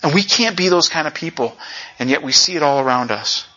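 A male pastor preaching a conversational sermon, often saying "you know" and jumping up in pitch for emphasis. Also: animated, brisk, sharp tone. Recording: lo-fi dull sound.

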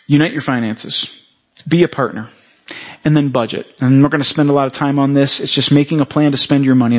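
Man, pastor, conversational sermon, fairly high voice, dull lo-fi recording. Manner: frequent rhetorical check-ins with the audience.

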